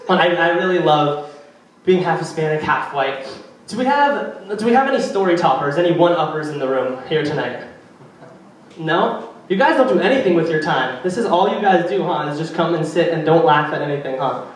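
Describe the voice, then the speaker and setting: A young man performing a stand-up routine at a live venue, chatty and rambling, teasing the audience. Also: on the high side. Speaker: stand-up comedian. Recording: echoey venue, far from mic.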